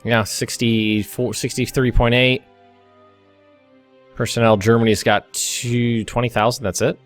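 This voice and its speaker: This is casual gameplay commentary from an American young man who thinks out loud through a strategy game, restarting frequently and adding asides. His medium-pitched voice barely varies in pitch and stays unhurried, while faint music plays underneath.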